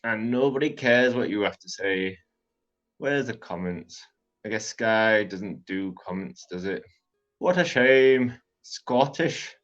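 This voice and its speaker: A man's voice: fairly low pitch, animated, slow, a bit bright. A man hosting comedic news commentary, full of sarcastic, mocking asides. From Teesside, England. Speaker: host. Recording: dull lo-fi audio with faint music.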